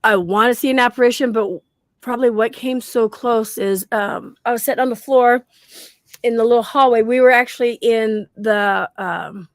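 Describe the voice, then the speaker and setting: A woman and guest paranormal researcher, telling her stories in an animated way, acting out quotes and laughing often. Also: a little high, moderate pace, dry recording, clean studio sound. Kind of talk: casual storytelling on a podcast.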